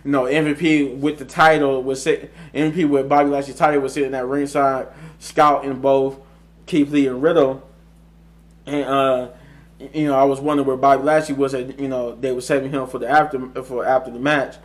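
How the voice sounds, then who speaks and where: A man talking through a show recap in a loose, rambling way, often restarting and correcting himself mid-sentence. His pitch sits in an ordinary middle range but barely moves, giving the recap a flat, even tone. He chuckles now and then as he goes. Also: fairly quick. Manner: chuckles often while recounting. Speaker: wrestling show reviewer. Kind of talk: casual solo review recap.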